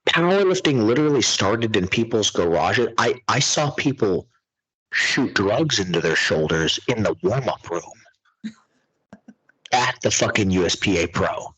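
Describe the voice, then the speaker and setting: A man's voice: on the low side, a little slow, breathy edge, poor audio. A young man hosting a podcast, ranting animatedly in profane casual chat. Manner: animated, ranting, heavy swearing. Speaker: podcast host.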